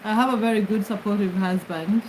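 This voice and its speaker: A middle-aged Kenyan woman lies on her bed in her bedroom, hosting a casual livestream and laughing often as she greets commenters. Her mid-range voice is steady, a little fast, and darkish in tone. The recording is rough, with a little hiss or hum.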